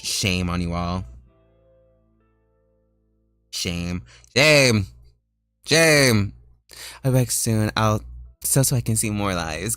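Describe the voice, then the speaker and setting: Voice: deep voice, no echo. A streamer chatting casually with viewers while drawing, playful and teasing and laughing often.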